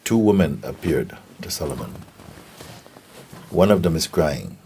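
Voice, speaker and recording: A man giving a gentle spiritual talk and telling stories, often checking in with his listeners. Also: a bass voice, expressive, a little hiss or hum. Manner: gentle, unhurried, keeps asking "you see?". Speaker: spiritual teacher.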